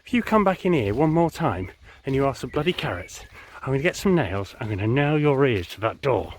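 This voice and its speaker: A man voicing a gruff, short-tempered butcher in a joke, sounding exasperated. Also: medium pitch, sing-song, fast, a little hiss or hum, natural voice. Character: gruff, impatient adult male butcher.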